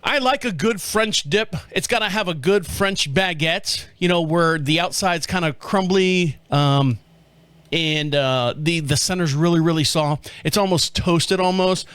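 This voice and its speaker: A man's voice: a little high, measured pace, a bit bright, clean tone, no room sound. A middle-aged man from the States, hosting a podcast in a rambling, joking way and chuckling often. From southern United States. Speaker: podcast host. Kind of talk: casual chat.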